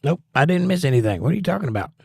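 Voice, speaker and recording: A man's voice: a little high, sing-song, very fast, vocal fry, a little mellow, breathy edge, no echo. Folksy middle-aged man, dry close sound. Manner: easygoing, folksy, reads chat aloud. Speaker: livestream host. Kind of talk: casual chat reading viewer comments.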